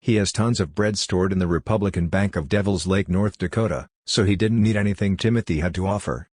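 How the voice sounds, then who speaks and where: Deep-voiced man narrating an audiobook. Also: a little fast, darkish tone, no room sound, studio quality. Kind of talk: first-person audiobook narration.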